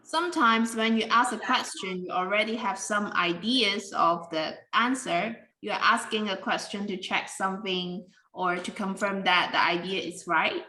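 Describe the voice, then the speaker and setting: Bright-voiced woman teaching English intonation. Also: medium pitch, unhurried, few pauses. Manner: patient, explanatory, slightly non-standard grammar. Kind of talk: explaining a language lesson. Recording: echoey room with faint noise.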